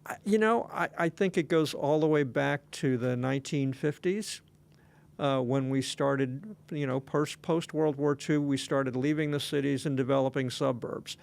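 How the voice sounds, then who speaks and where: A man's voice: medium pitch, normal speed, vocal fry, a little mellow. A man co-hosting a casual podcast chat, rambling along with lots of fillers and restarts. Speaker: podcast co-host.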